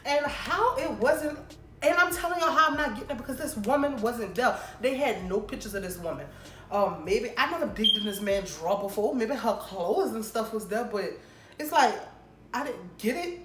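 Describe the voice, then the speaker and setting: An animated woman vlogger tells a casual storytime straight to her viewers. She talks with emphatic energy, voicing her own lines in a retold argument. The room around her rings with a roomy echo over a faint hiss. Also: a little high, moderate pace. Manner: animated, emphatic retelling with quoted exchanges.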